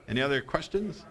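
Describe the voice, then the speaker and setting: A man, a software developer, answering audience questions at a live convention talk, halting and repeating himself with many fillers. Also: a little high. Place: convention hall.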